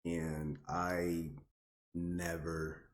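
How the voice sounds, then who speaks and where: Deep, slow-talking man in an echoey room. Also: completely flat delivery. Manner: halting, searching for words. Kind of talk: earnest casual discussion. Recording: roomy echo.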